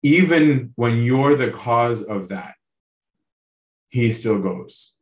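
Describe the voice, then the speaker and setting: Male priest, sermon delivery, earnest and chatty, mid-pitched voice, roomy echo. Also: lively intonation, takes it slowly. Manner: earnest, asks listeners direct questions; conversational, tags lines with "right?". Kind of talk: sermon on a Bible passage.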